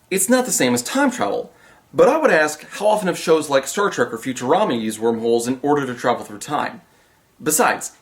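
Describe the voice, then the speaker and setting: A man narrating a comedic film review with a lively, sarcastic delivery. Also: on the high side, slightly rough.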